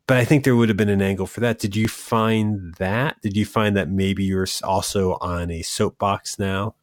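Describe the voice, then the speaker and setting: A middle-aged man co-hosting a podcast, chatting casually and asking quick follow-up questions. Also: lowish voice, fairly even intonation. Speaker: podcast co-host. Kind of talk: casual chat.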